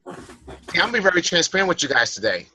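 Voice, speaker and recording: A man's voice: fairly high pitch, sing-song, fast talker, sharp tone, slightly rough, low-quality recording. A man speaking as a guest in a personal development class, earnestly coaching listeners and rephrasing his points. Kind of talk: motivational talk.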